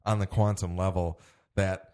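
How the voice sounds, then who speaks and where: Earnest deep-voiced man talking science. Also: flat delivery, moderate pace, darkish tone. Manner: earnest, nerdy about science details. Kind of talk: casual movie discussion.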